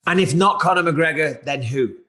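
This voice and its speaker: A man's voice: fairly high pitch, lively intonation, moderate pace, bright, forceful tone. A man in his forties hosting a podcast, talking in a blunt, profane, challenging way. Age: 40s. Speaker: podcast host. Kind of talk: casual podcast chat.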